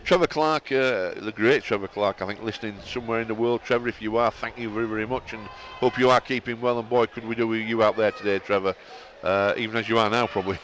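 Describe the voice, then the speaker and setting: A man's voice: lowish voice, fairly even intonation, fast talker, few pauses, a bit bright. A man from Bradford with a Yorkshire accent, co-commentating on live rugby league in a chatty, opinionated way. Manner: chatty, opinionated, chuckling asides.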